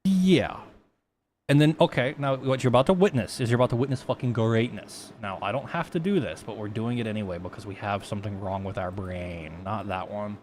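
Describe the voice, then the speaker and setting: Walking viewers through 3D texturing on a live stream, this young man rambles, curses freely, and pokes fun at himself. His voice is lowish with a darkish tone, and he talks fast with few pauses over slight background noise.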